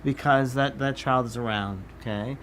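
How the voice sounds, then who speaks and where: A man of middle pitch teaching a psychic class, talking through a live demonstration. He moves in short, halting phrases and keeps circling back to what he feels. Faint noise sits under his voice. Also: fairly bright tone. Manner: halting, repeats "I feel" while reading impressions.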